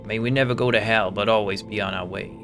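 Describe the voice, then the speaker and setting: A man's voice: fairly low pitch, fairly even intonation, fast talker, close to an everyday voice. A man reading a video game's lines aloud in character, voicing a bitter man who taunts a drunk captain in an improvised, vague non-American accent with an intense, mocking drawl. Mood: sneering. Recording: game music playing behind. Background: game music.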